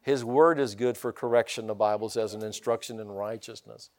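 A man's voice: on the low side, steady tone, brisk, darkish tone. An older man from Indiana preaching a sermon in a folksy way, often calling out for amens. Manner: folksy, calls for amens from the congregation. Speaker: pastor.

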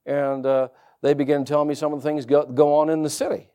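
A male pastor preaching a sermon, reading scripture aloud and rising into loud, fervent preaching. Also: on the high side, little pitch movement, brisk, smooth.

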